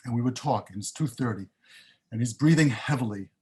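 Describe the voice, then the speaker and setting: A man's voice: medium pitch, a little fast, warm tone, a little hiss or hum. An older man on a panel, recounting his career in a rambling, self-interrupting way.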